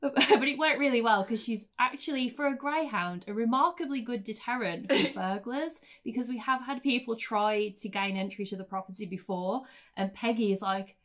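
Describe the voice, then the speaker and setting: A woman's voice: fairly high pitch, normal speed, fairly bright tone. Woman, casual podcast panelist, chatty anecdote teller. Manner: chatty, laughs while telling stories. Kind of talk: casual storytelling chat.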